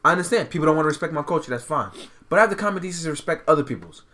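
A young man co-hosting a casual podcast, telling a story as an animated, profane rant. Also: on the high side, racing, slight background noise. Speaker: podcast co-host.

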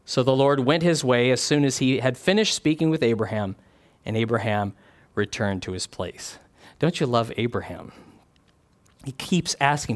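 A man with a mid-range voice, speaking at normal speed, preaches a sermon. He reads scripture aloud and explains it earnestly and conversationally, often putting questions to his listeners.

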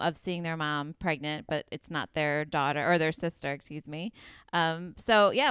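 A woman's voice: fairly low pitch, a bit bright, smooth, dry recording, clean studio sound. A woman in her thirties, a guest in an interview, telling a personal story earnestly and with feeling, with many fillers and quoted dialogue.

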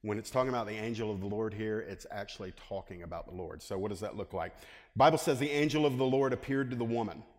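A male pastor preaching a lively sermon and asking his congregation questions. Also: fairly low pitch, quick pace. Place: church hall. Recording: long hall reverb.

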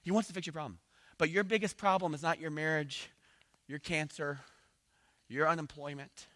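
A man from South Georgia, preaching a lively sermon full of playful asides and acted-out voices. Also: a little high, normal speed, dry recording. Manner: animated, playful asides, acts out little voices. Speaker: pastor.

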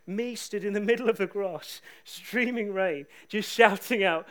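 A middle-aged man preaching a sermon, animated, swinging from loud declarations to hushed, near-whispered lines. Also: high-pitched, a little slow, few pauses. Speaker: pastor.

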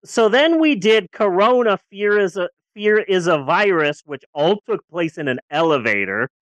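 A podcast co-host in casual movie-review chat who is sarcastic and profane, swinging from loud outbursts to low grumbles. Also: expressive, moderate pace, no echo.

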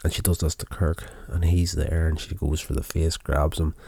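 A tired man recaps a television episode in a loose, rambling way, full of fillers and restarts. His voice is very low and mellow. The recording is dry and close. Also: flat delivery, normal speed, husky, no room sound. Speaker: show recapper.

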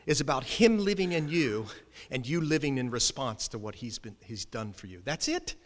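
A male pastor preaching a sermon, telling a personal story in an animated, emphatic way with quick restarts. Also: medium pitch, crowd noise. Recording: long hall reverb.

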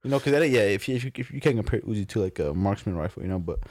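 Laid-back young man, lively pitch. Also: very fast, no room sound. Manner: laid-back, laughing along, slangy. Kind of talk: casual chat.

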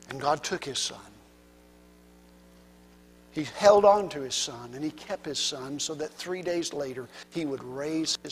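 A man preaching a sermon with passion, his delivery swinging from hushed near-whispers to loud, rising cries. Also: on the high side, unhurried, husky. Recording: long reverb of a large hall.

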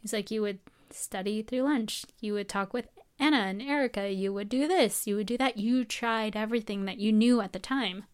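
A young woman in medical school chats casually with an animated storytelling manner, acting out what others said. Her voice sits at an ordinary middle pitch. The talk is relaxed and conversational. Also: normal speed, smooth. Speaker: medical student. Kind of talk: casual chat.

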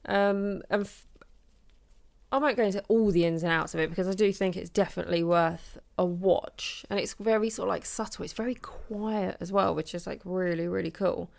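A woman's voice: mid-range voice, moderate pace, vocal fry, a little mellow. A woman chatting casually about films, hesitant and full of fillers. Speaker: podcast co-host.

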